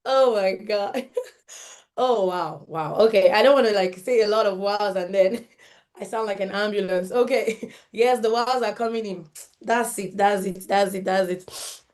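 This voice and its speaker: A woman hosts a live event in an effusive, exclamatory way, laughing often as she speaks. Her voice sits at a middle pitch. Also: a little slow, a little mellow. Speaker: event host.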